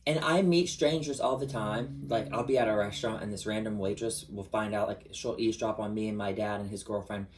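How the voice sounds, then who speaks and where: A man in a casual, confessional vlog monologue, chatty and expressive, with sudden rises in pitch for emphasis. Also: fairly quick, few pauses, slight background noise, rough recording. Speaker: vlogger.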